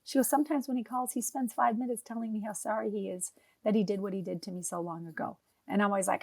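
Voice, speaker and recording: A woman hosting a podcast, telling stories in a chatty, energetic way and interviewing a guest. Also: fairly high pitch, fast talker, few pauses, no echo. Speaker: host.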